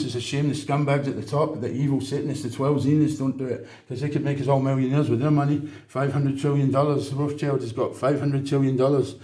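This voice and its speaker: A man's voice: medium pitch, warm tone, reverberant. A man in a rambling, emphatic, preachy monologue. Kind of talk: casual monologue.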